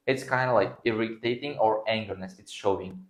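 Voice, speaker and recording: A man with a lowish voice teaches an English grammar lesson to a class, speaking at a moderate pace with hardly any pauses. The recording's highs are cut off. Uzbek is his first language, his phrasing is non-native, and he acts out the example sentences.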